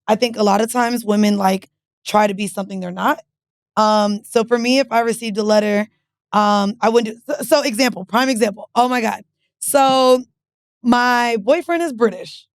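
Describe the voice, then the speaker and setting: A woman co-hosting a podcast, telling a personal story in a candid, animated way. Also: medium pitch, no echo, studio quality. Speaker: podcast co-host. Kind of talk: casual chat.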